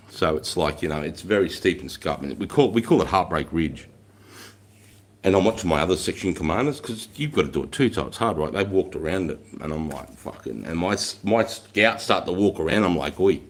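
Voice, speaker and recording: A middle-aged man with an Australian accent and a very low, deep voice tells stories on his livestream. He is blunt and profane and acts out the orders he once barked, then reads and answers chat in the same plain way. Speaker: livestream host, ex-army instructor. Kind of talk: casual livestream storytelling.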